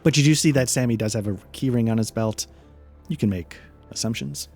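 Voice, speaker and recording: A man's voice: medium pitch, a little fast, darkish tone, breathy edge, soft background music. A man narrating a tabletop game as game master, rambling and hesitant with many fillers.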